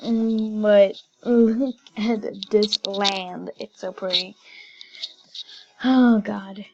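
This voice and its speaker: Slow-talking woman game commentator, giggly and gushing, dull recording. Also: mid-range voice, fairly even intonation, noisy background. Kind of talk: casual gameplay commentary.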